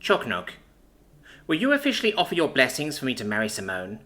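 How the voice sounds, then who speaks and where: A man's voice: medium pitch, wildly swooping pitch, fairly quick, sharp tone, pitched above the performer's own voice. A man voicing a young alien princess who speaks nervously but sincerely, hesitant and emotional. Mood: earnest. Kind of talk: audiobook character voice.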